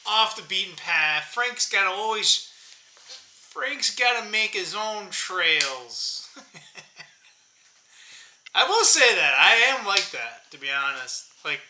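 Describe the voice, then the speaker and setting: A man's voice: high voice, big pitch swings, slow pace, long pauses, bright, forceful tone, roomy sound, a little hiss or hum. A man in his early fifties talking casually to his viewers, rambling and joking at himself. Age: 50s. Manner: rambling, jokey, self-mocking, laughs often. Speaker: channel host. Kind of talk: casual vlog chat.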